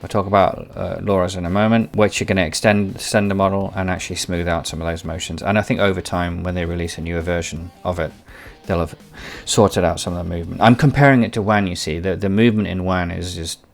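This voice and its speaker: A man's voice: low voice, steady tone, quick pace, creaky, soft background music. A man hosting a tech tutorial, rambling and repeating words as he searches for what to say. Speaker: tech video host. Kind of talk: tutorial commentary.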